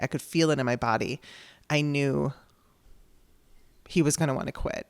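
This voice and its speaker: A woman's voice: deep voice, normal speed, long pauses, no room sound. A woman hosting her own podcast, telling a personal story in a candid, conversational way and acting out the dialogue she quotes. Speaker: podcast host.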